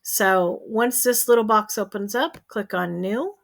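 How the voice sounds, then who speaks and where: A woman's voice: medium pitch, a little slow, creaky. Chatty woman giving step-by-step craft instructions. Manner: chatty, checks in with "okay?". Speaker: crafting tutorial host. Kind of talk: screen-share tutorial.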